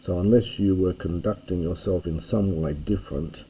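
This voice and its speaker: An older man gives a patient classics lecture, working through an ancient text one word at a time. His voice is low, very dark and husky. He speaks slowly, with careful pauses. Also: rough recording. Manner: slow, careful and explanatory, pausing over each word. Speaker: classics teacher.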